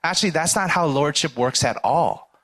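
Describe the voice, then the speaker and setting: At a moderate pace, a man with a slightly high, fairly bright voice preaches a sermon of everyday stories. His style is casual and chatty, with repeated "right?" checks and little dialogues he acts out.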